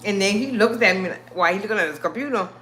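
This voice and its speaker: Hosting a live stream, a woman with a medium-pitched voice tells her viewers a story at a fast clip, calling them y'all. She's animated and acts out what people said, with slight background noise behind her.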